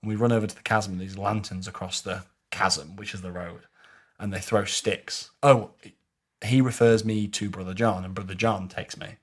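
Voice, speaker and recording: Low-voiced sweary man. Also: steady tone, normal speed. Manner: rambling, sweary storytelling. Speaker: podcast co-host. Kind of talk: casual podcast chat.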